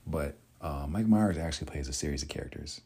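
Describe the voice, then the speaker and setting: A man vlogging in a casual, rambling way, with many pauses and restarts. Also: a bass voice, creaky, warm tone, slightly rough. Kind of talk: casual chat.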